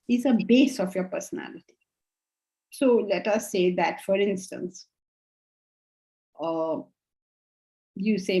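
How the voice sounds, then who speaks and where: On a rough recording, a Vedanta teacher with a warm, mid-range voice leads a spiritual class. Her approach is explanatory and patient, and she keeps checking her students' understanding with questions.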